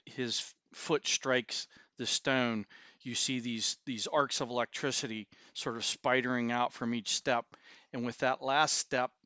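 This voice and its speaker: Slow, smooth-voiced man at a game table. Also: medium pitch, pushed and bright, dry recording. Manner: slow, measured describing of his character's actions. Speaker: player.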